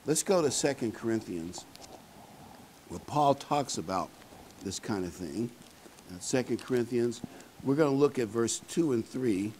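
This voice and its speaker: A man's voice: medium pitch, animated, measured pace, pauses often, noisy background. A man preaching a sermon in a conversational, folksy way, with fillers and asides to the congregation.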